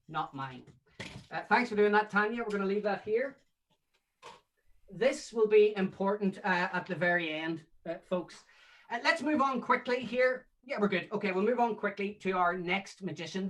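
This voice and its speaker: A man's voice: high-pitched, fairly bright tone, recorded from a distance. A man giving a casual lecture on magic history, chatty with many filler sounds and playful asides.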